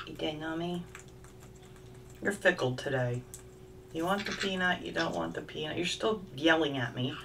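Low-voiced woman cooing to her parrot. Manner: coos and baby-talks to her bird. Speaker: craft vlogger. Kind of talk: casual chat to pet parrot and viewers. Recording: distant mic with clear background noise.

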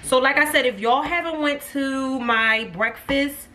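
A woman's voice: high-pitched, measured pace, pushed and bright. A woman, chatting to her viewers as she cooks at home. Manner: chatty, addresses viewers as y'all. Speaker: cooking vlogger. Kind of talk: casual cooking vlog. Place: home kitchen. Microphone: phone camera set back. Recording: distant phone mic with background noise.

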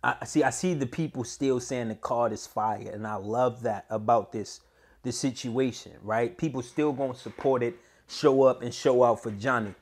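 A man hosting battle rap reaction commentary, slangy, swinging from low mutters to high, heated yelling. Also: moderate pace.

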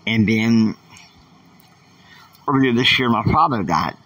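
Earnest, husky-voiced man preaching faith. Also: on the low side, expressive, slow, fairly bright tone, distant mic, poor audio. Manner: earnest, emphatic, repetitive. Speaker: podcast host. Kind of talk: faith-based motivational monologue.

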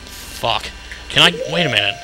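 Excitable young man narrating gameplay. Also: medium pitch, normal speed, low-quality recording. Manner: excitable, jokey, thinks aloud. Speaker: let's play commentator. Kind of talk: casual gameplay commentary. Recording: game music playing behind voice.

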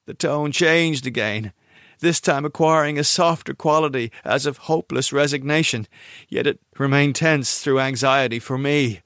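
A man reading a horror story aloud in a grave, deliberate voice with dramatic pauses. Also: medium pitch, fairly bright tone, dry recording, clean studio sound. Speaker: audiobook reader. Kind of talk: scripted horror narration.

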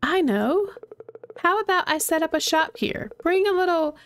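A woman's voice: very high voice, expressive, moderate pace, fairly bright tone, no room sound, clean studio sound, pitched above the performer's own voice. A woman voicing a flamboyant, fashion-loving game shopkeeper who calls everyone darling, theatrical and fussy.

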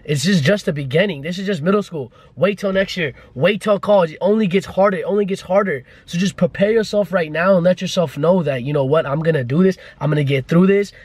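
Young man, casual vlog, in a car, fairly high voice, playful and teasing. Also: a little fast, hardly any pauses, a little mellow, slightly rough, no room sound. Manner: playful, teasing pep talk with frequent laughs. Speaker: vlogger. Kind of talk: casual chat. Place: inside a car.

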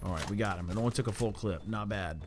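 A man streaming a live game, chatting with his viewers and reacting quickly and excitably to the action. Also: fairly low pitch, heavy background noise. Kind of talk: live gaming commentary. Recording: game music and gunfire in the mix. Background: game music and gunfire.

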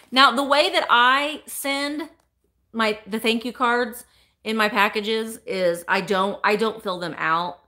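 Gushing and exclamatory, a woman hosts a relaxed live stream from home, opening mail, greeting viewers by name and reading comments aloud. Her voice is on the high side, bright and forceful, with slight background noise.

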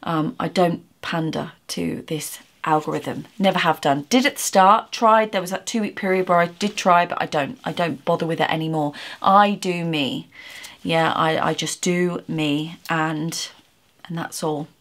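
A woman's voice: deep voice, unhurried, a bit bright. A woman talking straight to camera in an earnest, reassuring way, often restarting her sentences and sometimes close to tears. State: emotional, near tears at times. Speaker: YouTuber. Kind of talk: heartfelt direct-to-camera message.

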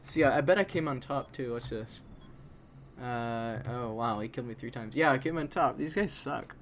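Excitable young man over game gunfire. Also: medium pitch, normal speed, a little hiss or hum. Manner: excitable, frustrated exclamations and muttering. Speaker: gaming commentator. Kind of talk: live gameplay commentary.

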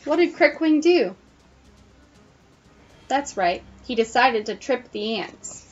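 On a dull lo-fi recording with a little hiss or hum, a woman teacher voices a picture book for children, pausing now and then to quiz them. Her voice is fairly high.

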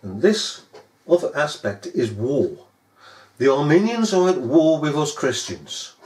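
A man's voice: fairly high pitch, big pitch swings, measured pace, a little mellow. A man preaching a sermon in a scornful, sarcastic manner. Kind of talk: recorded sermon. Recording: echoey room.

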